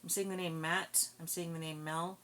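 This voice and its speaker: A woman giving a casual psychic reading, thinking aloud in a slow, musing way. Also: sits low, level tone, fairly bright tone, slight background noise. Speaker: psychic card reader.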